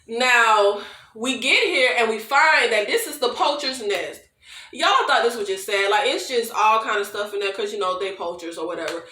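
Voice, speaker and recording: A woman recapping a film in a casual, chatty flow, talking straight to her viewers. Her voice is bright and sits a bit high. The room around her rings with echo. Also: moderate pace. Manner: animated, chatty, addresses viewers as y'all, laughs often. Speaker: movie reviewer.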